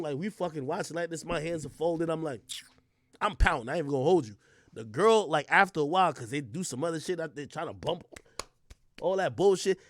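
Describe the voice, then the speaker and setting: Animated young man telling a wild story. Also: sits high, dry recording, studio quality. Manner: animated, profane, swings between mumbling and yelling. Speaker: streamer. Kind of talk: casual storytelling on a livestream.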